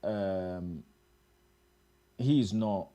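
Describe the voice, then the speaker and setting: A man hosting a fan reaction show, chatting casually and excitably, repeating himself. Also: deep voice, very slow. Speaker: host of a fan reaction channel.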